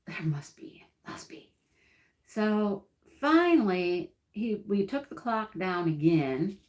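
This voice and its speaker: A woman's voice: mid-range voice, darkish tone. A woman hosting a live stream and chatting casually with viewers, telling a story, laughing often and acting out what people said. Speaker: livestream host. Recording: roomy echoey room.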